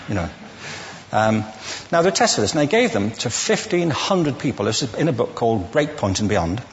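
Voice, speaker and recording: A man's voice: medium pitch, big pitch swings, brisk, big-room sound, slight background noise. A man giving a witty, conversational lecture to a live audience, asking the listeners questions as he goes. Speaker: public speaker.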